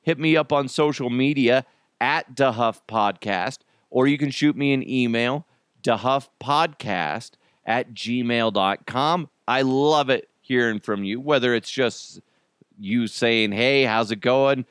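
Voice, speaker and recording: A man's voice: medium pitch, takes it slowly, a bit bright, smooth, no room sound, clean studio sound. A man hosting a casual solo podcast, chatty and self-deprecating, laughing often as he talks. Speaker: podcast host.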